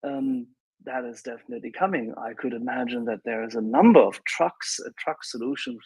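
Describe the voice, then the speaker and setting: A husky-voiced man talks in a casual online audio room. His tone is sarcastic and animated as he mocks red tape. The sound is dry and close. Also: mid-range voice, fairly quick, no echo, low-quality recording. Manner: sarcastic, animated, laughs at bureaucracy.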